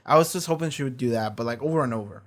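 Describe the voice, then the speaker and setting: A man giving casual, animated reaction commentary from a home streaming setup, swearing often and restarting his sentences as he rambles. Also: mid-range voice, racing.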